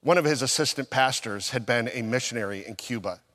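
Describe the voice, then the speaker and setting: A male pastor preaching a sermon, telling a personal story and acting out his own past conversations, with swings from loud emphasis down to near-whispers. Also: mid-range voice, a little fast, big-room sound.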